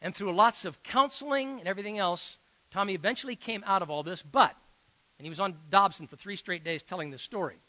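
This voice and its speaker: A middle-aged male pastor preaching with a high, bright voice. His delivery is earnest and emphatic, with fillers and restarts, and the sound is close and dry. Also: fairly quick, dry recording, rough recording. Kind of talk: sermon storytelling.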